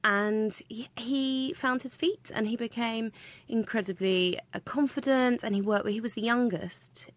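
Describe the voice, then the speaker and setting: A woman's voice: a little high, unhurried, no echo. A woman who runs a comedy school, telling enthusiastic anecdotes in an interview. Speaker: comedy school founder and teacher. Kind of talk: interview answers.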